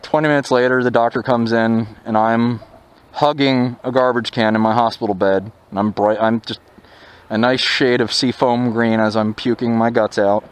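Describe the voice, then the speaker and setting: A man's voice: mid-range voice, fairly even intonation, normal speed, clean tone. A young man telling a personal story in a casual, candid, wry way while out on a motorcycle ride. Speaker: motovlogger. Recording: noisy outdoor wind and vehicle noise.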